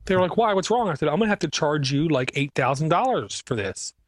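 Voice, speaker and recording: Male podcast co-host, tells lively repair-shop stories, fairly high voice, dry close mic. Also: fast talker, no echo. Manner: animated storyteller, acts out customer dialogue. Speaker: computer repair business owner, podcast co-host. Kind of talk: casual podcast chat.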